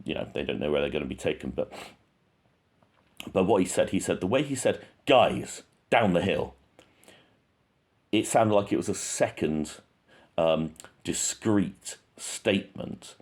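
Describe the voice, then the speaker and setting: A man's voice: sits low, expressive, normal speed, darkish tone. A man hosting a true crime channel, talking casually and thinking aloud with frequent restarts.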